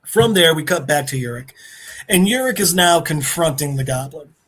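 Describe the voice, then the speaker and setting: A man's voice: on the high side, normal speed, slightly rough. Man animatedly retelling a story. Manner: animated retelling, briefly acting out characters' lines. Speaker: podcast co-host. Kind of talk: casual plot recap.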